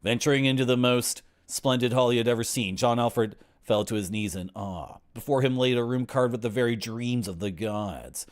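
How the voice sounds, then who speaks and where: A man's voice: mid-range voice, moderate pace, hardly any pauses. Brief: a man in his forties reads a game's story aloud, with sarcastic asides between the lines. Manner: wry, griping asides, sarcastic. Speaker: game streamer. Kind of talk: reading game text aloud with commentary.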